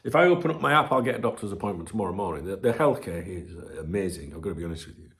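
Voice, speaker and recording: A man's voice: sits low, animated, rapid-fire. Chatty British man with a chesty cold. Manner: chatty, swears freely, rambling asides. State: chesty cold, clearing throat. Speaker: football channel host. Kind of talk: casual morning vlog chat. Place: indoors at home. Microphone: camera on tripod.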